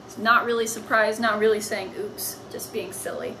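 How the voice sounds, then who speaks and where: A woman's voice: mid-range voice, fairly even intonation, normal speed, few pauses, background noise. A woman teaching a lesson on writing comics, explaining patiently as if to children.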